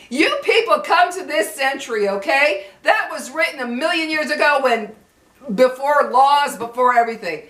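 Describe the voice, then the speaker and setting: A woman's voice: high-pitched, expressive, normal speed, a bit bright, echoey room. An older woman with children and grandchildren, ranting angrily to her viewers, cursing and repeating herself for emphasis. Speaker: vlogger. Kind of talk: angry rant to camera.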